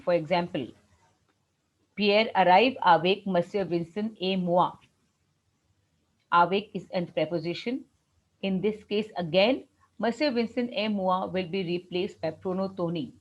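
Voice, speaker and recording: Indian-accented woman, patient tutor walking through grammar rules step by step; muffled lo-fi recording. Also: mid-range voice. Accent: Indian English. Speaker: French teacher. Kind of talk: classroom grammar lesson.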